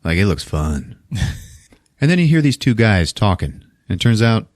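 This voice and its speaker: Animated, profane man retelling a film. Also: lowish voice, normal speed, no room sound, clean studio sound. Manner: animated and profane, acts out the characters. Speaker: podcast host. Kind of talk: casual film recap.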